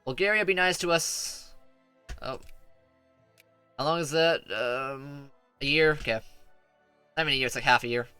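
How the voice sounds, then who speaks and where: A man's voice: on the high side, moderate pace, pauses often, bright, forceful tone, smooth, dry recording, faint music behind. A man streaming a strategy game, giving playful, rambling commentary that stumbles over restarts.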